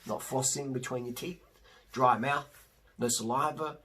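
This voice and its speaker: A man's voice: mid-range voice, steady tone, measured pace, fairly bright tone, slight background noise. A middle-aged man, a cyclist, talking casually and emphatically to camera in a rambling, slangy way. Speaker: vlogger and cyclist.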